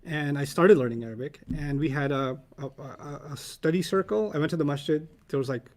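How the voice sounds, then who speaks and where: A man's voice: on the high side, a little fast, a little mellow. A man teaching Arabic vocabulary in a casual class, quizzing students and telling humorous stories.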